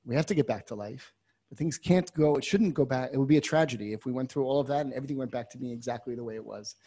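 A man teaching a class on a biblical text, moving from quiet asides to loud, impassioned readings and using many Hebrew terms. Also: medium pitch, fast talker, slightly rough. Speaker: Torah teacher.

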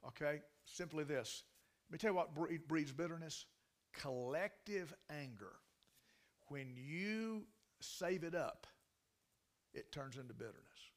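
A man preaching a sermon as pastor, telling a story in a folksy, animated way. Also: a little high, measured pace, pauses often.

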